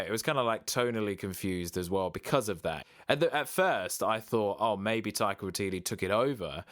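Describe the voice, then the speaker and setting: A man's voice: lowish voice, a bit bright, no room sound, studio quality. A man co-hosting a podcast, chatting casually with plenty of fillers and restarts. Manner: rambling, hesitant, lots of fillers. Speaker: podcast co-host. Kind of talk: casual chat.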